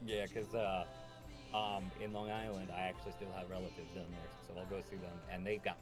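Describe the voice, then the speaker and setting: A man's voice: low voice, a little fast, over music. A man from upstate New York chatting and joking casually as host of a live stream. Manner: joking, animated.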